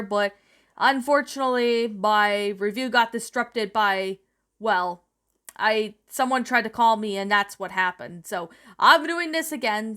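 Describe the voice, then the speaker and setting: A woman's voice: a little high, sharp tone. A woman narrating a creepypasta and then reviewing it in a rambling, self-correcting way.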